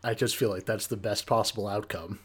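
A relaxed man co-hosting a casual conversation, his voice sitting on the low side. He leads with questions and laughs along easily. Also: fairly quick, breathy edge. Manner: relaxed, steers the talk with questions, easy laughs. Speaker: podcast co-host. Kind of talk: casual chat.

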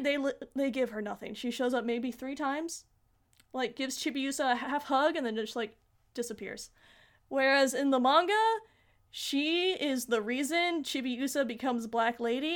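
A young woman with a high voice talks in a casual podcast chat. She tells the story animatedly and gushes like an eager fan, often stopping herself mid-thought. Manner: animated, gushing fan retelling.

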